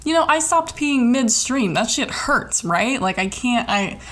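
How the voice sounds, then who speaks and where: A young woman in college, hosting her own podcast and telling a personal story in a chatty, animated way, swearing often and filling her talk with "like". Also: on the high side, a little slow. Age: young adult. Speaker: podcast host.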